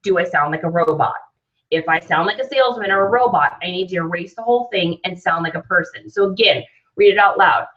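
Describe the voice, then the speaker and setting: Her voice is lowish, a little fast and fairly bright as she hosts an online business training, chatty and upbeat and often checking in with "right?". She's a sales trainer, and the recording is dull and lo-fi with the mic slightly distant.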